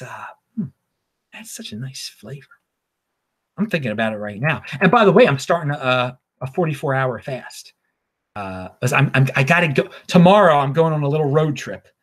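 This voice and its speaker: A man's voice: a little high, sing-song, a little fast. Rambling, stammering man. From Baltimore, USA. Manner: rambling, stammering with repeated words and chuckles. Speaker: show host. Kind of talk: casual solo commentary.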